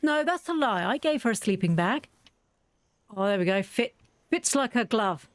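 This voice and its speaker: This gaming host's voice sits a little high, with lively intonation and a moderate pace. She offers chatty let's-play commentary, wandering off topic and restarting sentences mid-thought.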